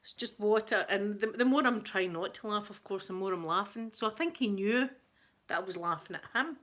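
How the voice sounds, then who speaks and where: A middle-aged Scottish woman talks into a close mic on a casual live stream. She tells gossipy stories at a chatty, unhurried pace and laughs easily, with an everyday pitch for a woman. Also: expressive, a bit bright. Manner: chatty storyteller, laughs often, greets chat viewers. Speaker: ASMR livestream host. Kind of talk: casual chat to live viewers.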